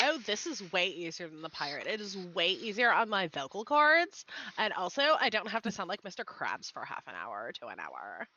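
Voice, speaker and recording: A woman's voice: fairly low pitch, huge pitch swings, sharp tone, highs cut off, full character voice. A woman putting on a whiny valley girl voice. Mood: chatty. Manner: drawn-out valley girl speech with constant "like". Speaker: co-host. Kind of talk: put-on voice on a live stream.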